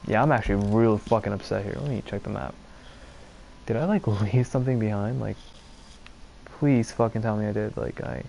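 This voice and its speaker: A man's voice: lowish voice, brisk, vocal fry, long pauses, a little mellow, a little hiss or hum. A young man from Pennsylvania talking casually and profanely over a video game he is playing, often exasperated and rambling. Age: young adult. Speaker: streamer. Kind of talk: casual gameplay commentary.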